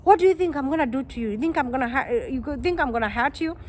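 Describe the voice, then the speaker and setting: A man's voice: very high voice, animated, very fast, slight background noise. A woman voicing a hostile man who scolds and menaces his houseguest in her retold story. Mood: coaxing. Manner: scolding, condescending.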